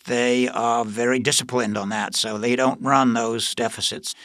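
A male economist giving an interview soundbite in relaxed, explanatory talk. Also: mid-range voice, moderate pace, dry recording, studio quality.

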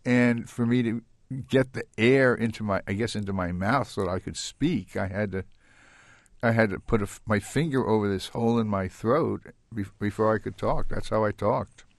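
An older man telling his own story as an interview guest, halting and reflective, with many restarts. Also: on the low side, dry recording, clean studio sound. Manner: halting and reflective, with frequent restarts and soft laughs. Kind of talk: recounting a personal story in an interview.

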